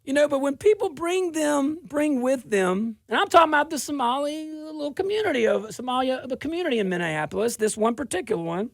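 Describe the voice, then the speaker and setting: Man, middle-aged, from South Louisiana, talk show host, sarcastic monologue, gravelly, dry sound. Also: extremely high pitch, brisk, few pauses, dry recording. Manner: sarcastic, animated, laughing. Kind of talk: political commentary monologue.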